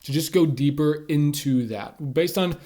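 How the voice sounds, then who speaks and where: Talking to camera at a measured pace, this man offers casual conversation-skills advice, speaking loosely and leaning on plenty of fillers. He's a communication tips creator with a fairly high, warm voice.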